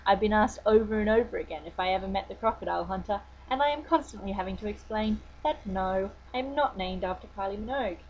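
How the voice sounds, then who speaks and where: A woman's voice: medium pitch, fast, few pauses, a little mellow, highs cut off, a little hiss or hum. Australian woman reading a formal presentation. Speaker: student presenter. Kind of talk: scripted academic presentation.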